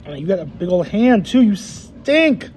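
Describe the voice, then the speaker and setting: Man, casual podcast chat, teasing, rambling, rapid talk, dark tone. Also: high-pitched, animated, rough recording. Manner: fast, teasing, rambling with many restarts. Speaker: podcast co-host. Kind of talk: casual chat over a card game.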